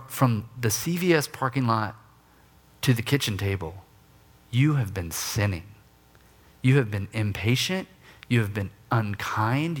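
A man preaching, telling a personal story with lively acted-out outbursts and quiet, soft confession. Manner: animated storytelling, acts out his own griping in raised voice; drops low and soft for confession. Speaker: pastor.

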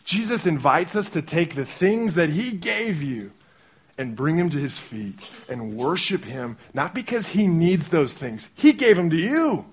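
A young male pastor preaches in a loose, chatty way, jumping into little acted-out voices to make his point. His voice sits a touch high for a man and has a husky edge to it. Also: a little slow. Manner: animated, conversational, acts out quotes. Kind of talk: sermon.

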